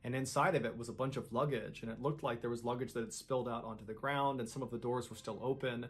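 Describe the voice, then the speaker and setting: A man narrating a true-crime story in a suspenseful, dramatic way, acting out the lines people said. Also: medium pitch.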